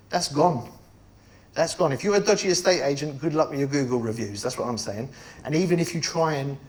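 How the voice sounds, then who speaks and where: A middle-aged man giving an energetic, blunt talk to members of his network, swearing casually and making chatty asides. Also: mid-range voice. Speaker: estate agency network founder speaking to members. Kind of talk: conference talk.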